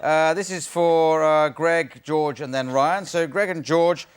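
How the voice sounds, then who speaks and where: A man's voice: fairly high pitch, fairly even intonation, slow pace. Dry man hosting a TV show. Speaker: host. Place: TV studio with live audience. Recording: studio audience and noise behind.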